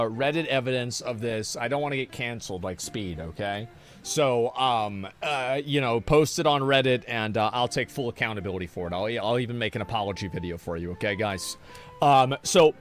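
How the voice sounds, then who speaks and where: A man's voice: medium pitch, a bit bright. A man in his thirties streaming from home, chatting casually and reacting to chat in a brash, profane, rambling way.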